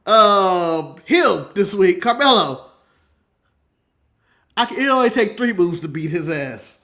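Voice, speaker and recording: A man's voice: high-pitched, expressive, slow, pushed and bright. A man co-hosting a wrestling podcast in casual chat, laughing often and making mock-grandiose declarations. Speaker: podcast co-host.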